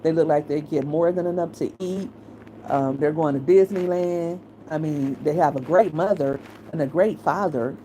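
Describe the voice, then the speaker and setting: A woman's voice: low voice, normal speed, warm tone, a little hiss or hum, rough recording. A middle-aged woman, talking bluntly and casually as she gives her opinions on her commentary channel.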